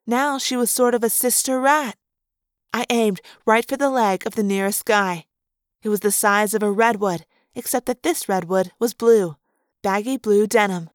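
A woman's voice: a little high, dry recording, studio quality. A woman narrating a story aloud in first person, expressively acting out the action.

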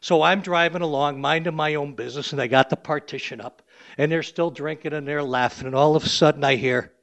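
Man in his sixties, storyteller, salty and conversational, slightly high pitch, muffled live recording. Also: steady tone, brisk, fairly bright tone. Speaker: limousine driver telling stories.

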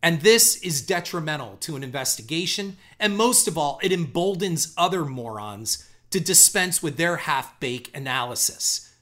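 A man's voice: fairly high pitch, expressive, moderate pace, fairly bright tone. A man giving a ranting, profane commentary, sarcastic and scornful, hammering his points with repetition. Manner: emphatic, punchy repetition.

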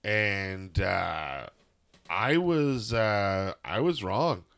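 A man's voice: lowish voice, very animated, extremely slow, creaky, fairly bright tone, clear, resonant tone. A man co-hosting a podcast, giving a rambling, jokey wrestling recap in casual chat. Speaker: podcast co-host.

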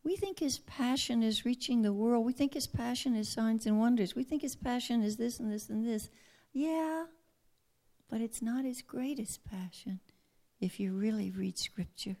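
A woman preaching a sermon earnestly, often dropping to a hushed near-whisper. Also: on the high side, normal speed.

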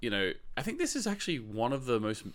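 A man co-hosting a film podcast in casual chat, relaxed and full of agreeing fillers. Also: mid-range voice, fast. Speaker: podcast co-host.

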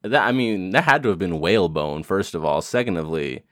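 A man's voice: low-pitched, lively intonation, normal speed, a bit bright, dry recording, clean studio sound. A man hosting a podcast, joking around in casual chat and steering the questions. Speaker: podcast host.

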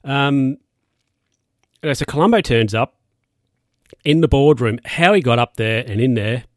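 A man's voice: mid-range voice, normal speed, dry recording, studio quality. A young man casually recapping a TV episode, rambling with lots of fillers and asides. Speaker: show recapper.

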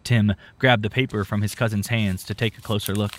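A man reading a story aloud in a steady, measured narration. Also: on the low side, slight background noise.

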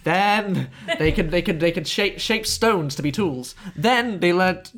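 A chatty podcast host, talking at an everyday middle pitch. The delivery is jokey and loose, full of laughs and little restarts as the story is read out. Everything is casual chat. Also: a little slow, a bit bright.

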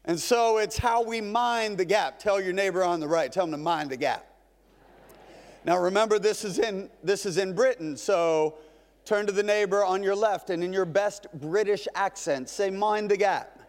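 A male pastor delivering a lively, conversational sermon full of rhetorical questions to a congregation. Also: sits high, normal speed, long reverb tail. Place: large church sanctuary.

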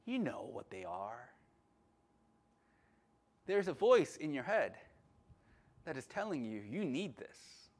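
A man preaching a sermon with passion, at times loud, at times calm. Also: medium pitch, slow, long pauses. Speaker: pastor.

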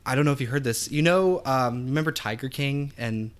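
A man's voice: medium pitch, brisk, smooth. A man co-hosting a podcast, telling stories in casual chat and joking along. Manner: storytelling, jokey, does silly voices. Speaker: podcast co-host.

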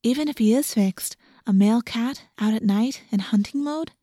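A woman reading as a soft, doleful teenage girl. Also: on the high side, moderate pace, no room sound, clean studio sound, close to an everyday voice.

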